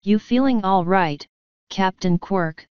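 A woman's voice: mid-range voice, slow pace, a little mellow, clear, resonant tone, no room sound, close to an everyday voice. A woman voicing a cool, dry-spoken young female watch officer in an audiobook reading. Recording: dull lo-fi audio.

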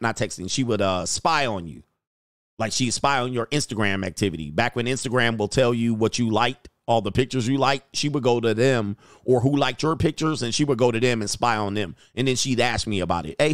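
A man hosting a dating commentary show, telling a story bluntly and jumping up in pitch when he quotes himself. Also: a bit bright, dry recording, clean studio sound. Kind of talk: casual commentary reacting to clips.

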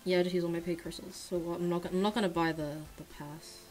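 A woman's voice: fast talker, soft background music, rough recording. Young woman mumbling and shrieking over gacha pulls. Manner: swings from mumbled low sighs to shrieking excitement. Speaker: gacha gaming streamer. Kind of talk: casual gaming commentary.

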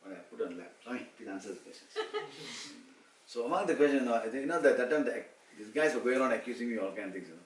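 A Malaysian man in his sixties, a motivational speaker, tells personal stories at an informal devotional gathering, animatedly acting out the quoted dialogue. His voice is mid-range and fast, recorded with a far-off mic in an echoey room with a faint hum.

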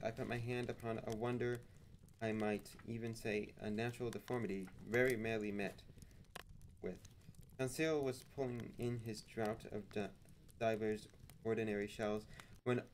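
Brief: man reading aloud, low voice, theatrical and expressive, faint noise behind. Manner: expressive, theatrical, with occasional slips. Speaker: reader. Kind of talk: dramatic book reading.

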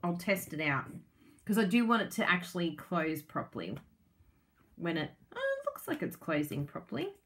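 Gushing excitable woman unboxing crafts. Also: lowish voice, moderate pace, a little hiss or hum. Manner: gushing, excitable, laughs often. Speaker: craft vlogger and product demonstrator. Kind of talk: casual unboxing chat.

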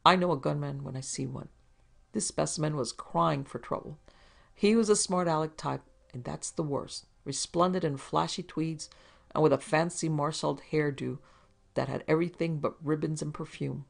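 A woman with a deep, gravelly voice narrates a hard-boiled detective story at a moderate pace, telling it dramatically. She is both narrator and producer of this scripted audiobook.

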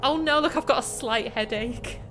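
A young woman with a fairly bright voice on the high side plays a horror game live at a normal speed, with faint music behind her. Jumpy and chatty, she talks to herself, shrieks at the scares and laughs at herself as she comments on the gameplay.

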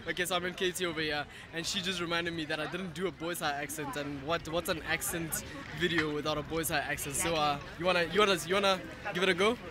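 A playful young man vlogging in casual chat, talking quickly and repeating words. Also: fairly high pitch, fairly even intonation, a crowd in the background. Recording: roomy echo.

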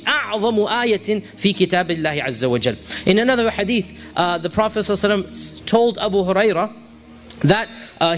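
High-voiced man telling a religious story. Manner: animated storyteller, quoting figures, switching into Arabic recitation. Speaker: Islamic preacher.

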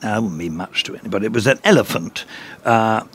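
English male guest, husky low voice, animated anecdotes, dry chuckles. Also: quick pace. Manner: animated storyteller, chuckles through punchlines. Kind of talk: conversational anecdote-telling. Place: cricket ground commentary box.

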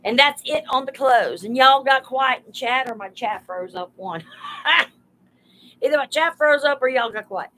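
A woman's voice: high-pitched, measured pace, sharp tone, rough recording. A woman hosting a live sale stream, chatting homily and greeting viewers by name as she prices items. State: overheated.

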